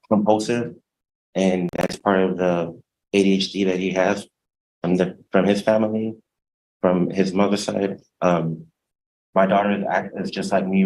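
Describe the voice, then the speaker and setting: Defendant guy talking low and flat, lots of ums, hesitant. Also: a little hiss or hum, rough recording. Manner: hesitant, halting, soft-spoken. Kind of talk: testifying in court.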